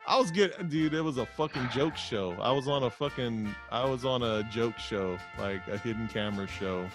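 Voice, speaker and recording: A man co-hosting a podcast, telling a story in a profane, ranting way that gets louder as he gets worked up. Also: medium pitch, moderate pace, over music. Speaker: podcast co-host. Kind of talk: casual chat.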